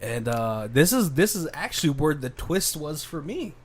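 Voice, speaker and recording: A man's voice: a little high, moderate pace. Man animatedly recapping a movie. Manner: animated retelling, acting out characters' lines. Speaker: podcast co-host.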